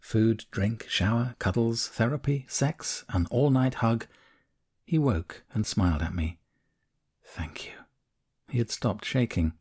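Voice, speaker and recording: A man narrating a first-person memoir audiobook in a calm, measured, candid way. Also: medium pitch, slightly rough.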